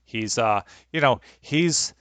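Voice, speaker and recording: A man's voice: mid-range voice, animated, slow, a bit bright, no room sound. A young man narrating as game master over a video call, rambling and hesitant with many fillers.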